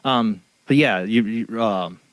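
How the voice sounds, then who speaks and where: A man's voice: on the low side, slow pace, dry recording. A man hosting a call-in radio show, friendly and chatty with callers and his guest. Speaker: host.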